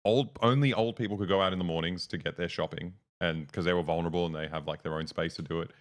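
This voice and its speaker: A young man with a low voice, chatting casually on a livestream. He rambles through stories with lots of ums, likes and restarts. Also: steady tone, fast. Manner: rambling storyteller, many fillers and restarts. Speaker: streamer, co-host.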